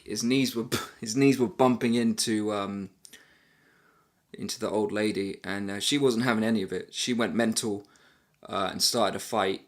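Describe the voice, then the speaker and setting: A man telling a travel story casually to camera. He rambles and pokes fun at himself, with lots of fillers. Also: on the low side. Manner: rambling, self-deprecating, many fillers. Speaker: travel vlogger.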